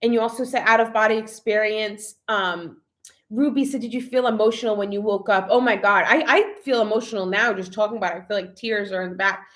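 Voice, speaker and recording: A young woman with a medium-pitched, slightly bright voice talks fairly quickly in a casual live vlog. She reads viewer comments aloud, chatty and emotional, with many "like" fillers.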